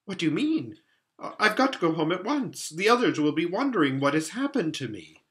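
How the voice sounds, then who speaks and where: A man's voice: high-pitched, wildly swooping pitch, normal speed, a bit bright, pitched above the performer's own voice, full character voice. A man voicing a kind, earnest young girl in a storybook reading, pleading and anxious. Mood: worried.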